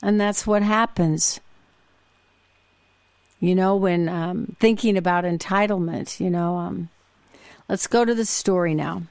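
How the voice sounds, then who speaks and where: A woman's voice: fairly low pitch, measured pace, gravelly, pauses often, a little mellow, no echo. Chatty woman podcast host, dry sound. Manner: chatty, with frequent fillers and restarts. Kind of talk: casual storytelling monologue.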